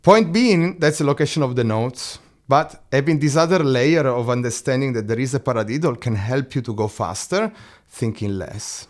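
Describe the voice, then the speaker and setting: A man's voice: mid-range voice, expressive, normal speed. A man teaching a drum lesson, counting beats aloud, singing drum syllables and checking in with "no?" and "eh?".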